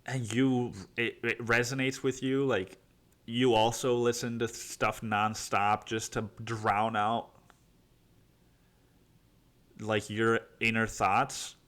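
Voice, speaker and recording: A man's voice: medium pitch, steady tone, takes it slowly, fairly bright tone. A man from Mexico hosting a solo podcast, rambling casually, swearing a lot and calling the listener dude. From Cancun, Mexico. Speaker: podcast host.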